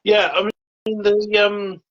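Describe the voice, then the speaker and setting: A man's voice: sits high, little pitch movement, slow pace. A man chatting casually about films as a co-host, hesitant and full of fillers. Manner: hesitant, many fillers and agreeing yeahs. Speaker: podcast co-host. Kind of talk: casual film chat. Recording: dull lo-fi sound.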